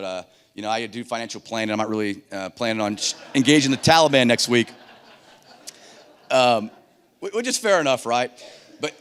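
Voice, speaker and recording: A middle-aged man giving a keynote on a conference stage, telling stories in an animated way and acting out the dialogue. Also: lowish voice, smooth. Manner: animated, acts out dialogue in voices. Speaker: keynote speaker. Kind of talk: keynote storytelling.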